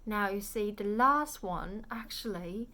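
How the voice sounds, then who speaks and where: A woman's voice: mid-range voice, lively intonation, takes it slowly, bright, forceful tone. A woman teaching a beginner language lesson on camera, patiently saying each sound aloud in drills for the viewer to repeat.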